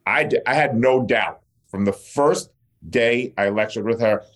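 A man's voice: mid-range voice, measured pace. A male dentist and educator talking in a casual interview, blunt, fired-up and openly emotional.

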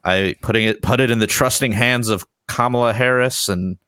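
A man's voice: mid-range voice, normal speed, sharp tone, clear, resonant tone, no echo, studio quality. A man co-hosting a casual talk show, blunt and profane, rambling. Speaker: podcast co-host. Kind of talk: casual chat.

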